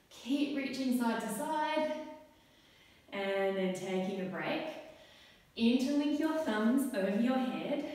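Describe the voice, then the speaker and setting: A young woman leads a children's yoga class with gentle, encouraging cues, taking her time over every instruction. Her voice comes from across a big, echoey hall with a long ring of reverb. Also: a little high, far from the mic. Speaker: kids' yoga teacher.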